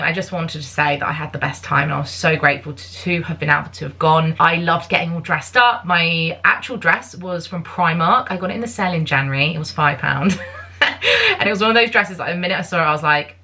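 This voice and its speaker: A woman's voice: lowish voice, sharp tone. A woman in her thirties from the UK, chatting casually to camera in a bubbly, filler-filled way. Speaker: vlogger.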